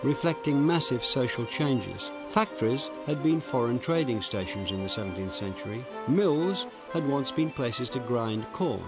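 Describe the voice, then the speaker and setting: A man narrating a history documentary in a measured, deliberate way. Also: mid-range voice, expressive, music in the background. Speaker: documentary presenter.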